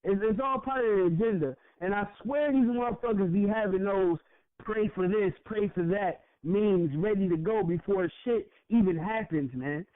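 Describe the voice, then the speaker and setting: Young male podcast co-host, high-pitched and heated, profane, repeats himself. Tinny phone-like audio. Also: normal speed, dry recording. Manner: heated, profane, repeats words when worked up. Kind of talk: impassioned casual podcast rant.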